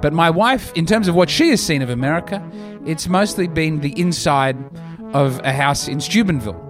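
A man hosting a podcast, talking through a casual comedic monologue in an animated, self-mocking way. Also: on the high side, normal speed, music in the background.

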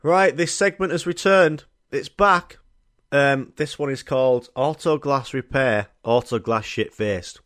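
A man's voice: medium pitch, a little slow, a bit bright. A young man, telling rambling, sweary, jokey stories on his own podcast. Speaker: podcast host. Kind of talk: casual solo podcast storytelling.

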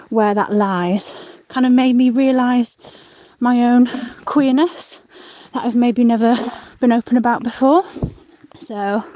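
A woman's voice: a little high, dark tone, dry recording, dull audio. A woman calling in on her phone while walking dogs outdoors, out of breath, candid and reflective. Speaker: caller. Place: snowy woods at night, outdoors.

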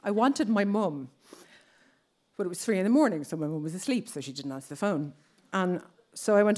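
A woman's voice: lowish voice, expressive, brisk, a little mellow. A woman in her thirties with an Irish accent, telling a personal story on stage and acting out other people's lines. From Ireland.

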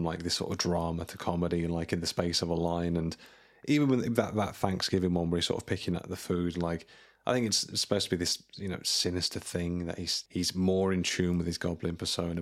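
A man co-hosting a casual film podcast, riffing jokily and laughing often. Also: sits low. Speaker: podcast co-host.

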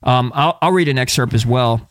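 A man co-hosting a podcast in casual chat, relaxed and rambling with many fillers. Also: medium pitch, moderate pace, no echo, clean studio sound. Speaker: podcast co-host.

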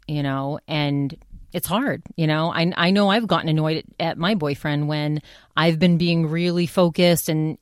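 On her own podcast, a woman with a voice on the low side rambles chattily and frequently starts her sentences over. The casual solo monologue is studio quality, with no echo.

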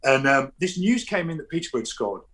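A man, a football fan guest telling animated stories in casual chat, often restarting his sentences. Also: medium pitch, fast. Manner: animated storytelling, frequent restarts.

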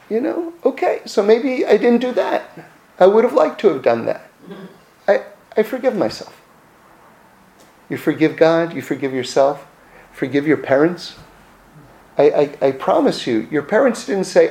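A man speaks in an animated, conversational teaching voice, and his pitch swings widely up and down. He hammers key phrases by repeating them and slips into the voices of the people he quotes. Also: moderate pace, long pauses, rough recording. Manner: acts out quoted dialogue, repeats phrases for emphasis.

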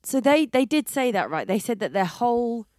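A woman co-hosting a podcast, chatting in an animated, gossipy way, swearing and laughing often into a handheld mic. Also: fairly high pitch, normal speed, dry recording, studio quality. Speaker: podcast co-host. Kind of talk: casual chat.

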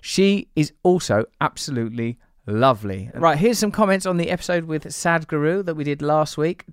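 Man, podcast host, playful, teasing, rambling, smooth resonant voice, dry studio sound. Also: on the high side, expressive, moderate pace, no room sound. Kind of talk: casual podcast chat.

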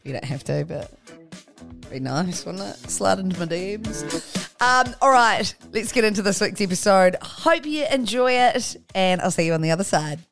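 A woman's voice: medium pitch, expressive, moderate pace, creaky, a bit bright, soft background music. A young woman hosting a podcast, chatting in a friendly, casual way and affirming her guest often. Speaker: podcast host. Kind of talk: casual interview chat.

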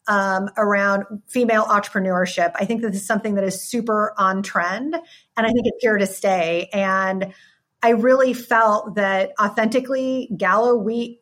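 A woman's voice: mid-range voice, a bit bright. A woman answering interview questions as a wine company executive, in polished business language.

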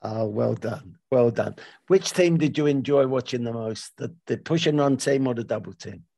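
Male host, mellow, brief prompting questions. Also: mid-range voice, normal speed, vocal fry.

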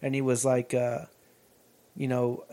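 A man co-hosting a podcast, casually recapping a movie and acting out characters' lines in loud voices. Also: mid-range voice, a little slow. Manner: animated, acts out lines in shouted voices. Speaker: podcast co-host.

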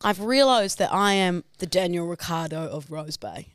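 An Australian woman in her late twenties co-hosting a podcast, playful and animated in casual banter. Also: lowish voice, normal speed, smooth, no room sound, clean studio sound. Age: 20s. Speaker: podcast co-host.

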